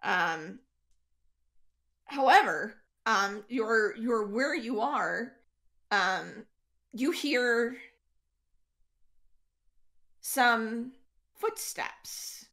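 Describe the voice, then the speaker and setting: Game master, female, bright, slow delivery, hesitant with lots of fillers. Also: fairly high pitch, lively intonation. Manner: unhurried, hesitant with many fillers. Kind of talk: narrating a tabletop game.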